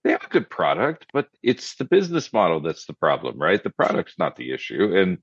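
Deep-voiced man on a dull mic. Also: wildly swooping pitch, a little fast, breathy edge, no room sound. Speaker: podcast co-host. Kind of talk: casual history podcast chat.

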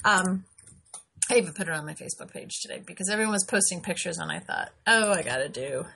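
A middle-aged woman hosting her own show, chatting casually and rambling with frequent pauses and laughs. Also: on the low side, lively intonation, creaky, sharp tone, a little hiss or hum. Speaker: show host. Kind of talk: casual live-stream chat.

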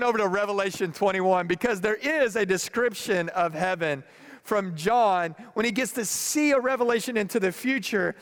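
A man preaching a sermon and reading scripture aloud, moving between hushed, grave passages and fervent, emphatic ones. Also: sits high. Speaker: pastor. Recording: long hall reverb.

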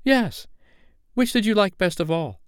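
Man doing a soft, higher, tender grown-up mother for a storybook. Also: animated, measured pace, smooth, no room sound, studio quality. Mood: wistful.

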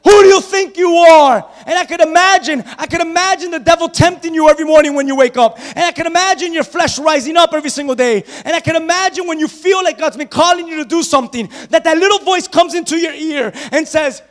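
High-pitched shouting preacher. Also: male voice, quick pace, few pauses, long reverb tail. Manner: emphatic repetition, building to shouts. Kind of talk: sermon.

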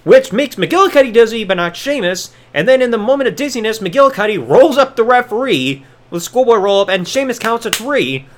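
A man's voice: high-pitched, lively intonation, fairly quick, hardly any pauses. A man hosting a review podcast, sarcastic and profane, rambling through his recap. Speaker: podcast host.

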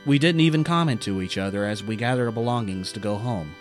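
A man's voice: fairly low pitch, quick pace, faint music behind. A man narrating a personal story in a wry, self-deprecating way, now and then putting on voices for the people in it.

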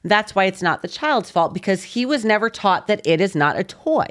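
A woman's voice: medium pitch, sing-song, moderate pace, fairly bright tone. A woman co-hosting a casual opinion podcast, making her points in a firm, matter-of-fact way. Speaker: podcast co-host.

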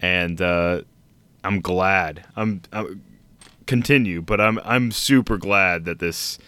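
Deep-voiced man, bright and dry. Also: takes it slowly, smooth, no echo. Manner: rambling, enthusiastic, lots of restarts. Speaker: podcast co-host. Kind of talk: casual chat.

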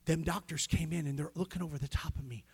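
A middle-aged male pastor telling a personal story in a sermon, swinging between hushed near-whispers and loud emotional peaks. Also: a little high, steady tone, quick pace, gravelly, slightly rough.

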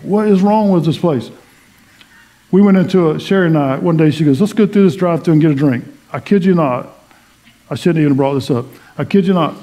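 A man's voice: fairly high pitch, warm tone. A middle-aged man preaching a sermon, telling folksy stories with asides to the congregation. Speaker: pastor.

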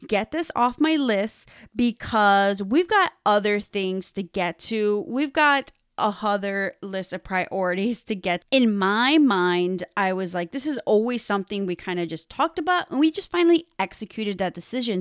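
A young woman tells her own story with candor, often breaking into laughter and acting out her own past words. She speaks at a slow, unhurried pace in a smooth, clear voice. The sound is dry and close. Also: medium pitch, lively intonation, no room sound. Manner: candid, laughs often, quotes herself. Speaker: speaker telling a personal story. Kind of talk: personal storytelling talk.

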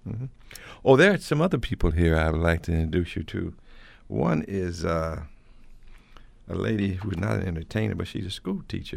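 Male radio host, very deep and gravelly, folksy and halting, lively swoops in pitch. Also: no room sound. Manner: folksy, halting, with repeated thanks and blessings. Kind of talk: casual music-show hosting.

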